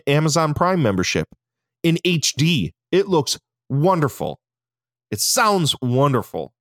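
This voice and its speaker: Animated, profane podcast co-host man. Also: on the high side, no room sound, clean studio sound. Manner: enthusiastic, profane, laughs often. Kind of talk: casual film review chat.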